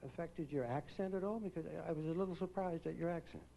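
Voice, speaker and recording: A man hosting a live pageant on stage, teasing the contestants with quick jokes as he interviews them. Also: on the high side, creaky, dark tone, slight background noise, rough recording. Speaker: pageant host. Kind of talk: joking live pageant emcee.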